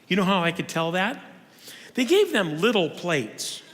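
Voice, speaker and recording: A male conference speaker tells stories in a high, bouncy voice that swoops all over. He talks in an animated way and often restarts mid-sentence. A long reverb from the church hall hangs behind every phrase. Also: measured pace. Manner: animated storytelling, frequent restarts. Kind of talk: humorous lecture. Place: church auditorium.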